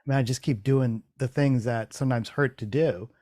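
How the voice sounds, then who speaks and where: A man's voice: medium pitch, normal speed, dark tone, no echo, clean studio sound. A man hosting a casual chat, telling a rambling story full of restarts and swearing, acting out his own thoughts in quotes. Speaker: podcast host.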